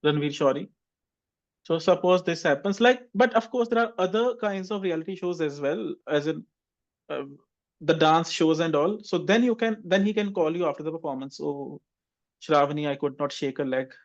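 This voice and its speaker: A man's voice: sits high, moderate pace. Playful male tutor. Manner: playful, teasing, explains criteria patiently. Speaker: English speaking-test tutor. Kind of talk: online class feedback. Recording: dull lo-fi online call audio.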